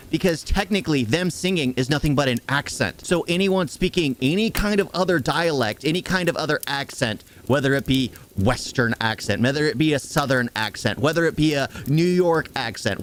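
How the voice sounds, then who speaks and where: A man's voice: mid-range voice, a bit bright, slight background noise. A man ranting sarcastically through a movie review, firing off exasperated rhetorical questions.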